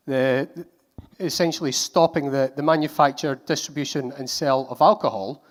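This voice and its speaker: A man with a Scottish accent giving a conference talk, telling a story in a wry, self-deprecating way. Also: fairly high pitch. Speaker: conference speaker. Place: conference hall.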